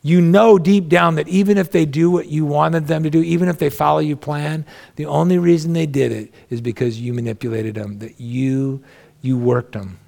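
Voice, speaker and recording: A man's voice: fairly high pitch, fairly even intonation, moderate pace, gravelly, a little mellow. A male pastor preaching a sermon in a conversational, folksy way, with humorous asides.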